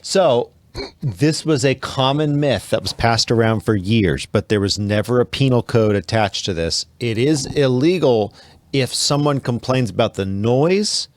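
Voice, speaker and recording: Male podcast host running a quiz round, weary and a bit slurred, medium pitch. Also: expressive, measured pace, no room sound. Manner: tired, slurring slightly. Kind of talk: casual panel quiz chat.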